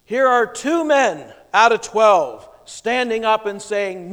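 A man with a high voice preaching in a church sanctuary. His delivery is emphatic, with soft low stretches that build to loud bursts. His voice rings with the long reverb of a big hall. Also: lively intonation, slow pace, few pauses. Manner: emphatic preaching with wide swings in loudness. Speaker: pastor. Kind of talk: sermon.

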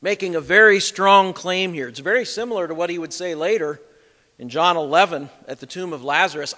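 A man's voice: sits high, fairly quick, sharp tone, in a large hall. A man preaching an expository sermon, emphatic as he reads scripture aloud and explains it.

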